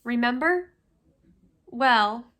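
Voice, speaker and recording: A woman's voice: on the high side, expressive, very slow, bright, forceful tone, heavily acted. A woman reading as a schoolboy wizard. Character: young boy wizard, plain and dry.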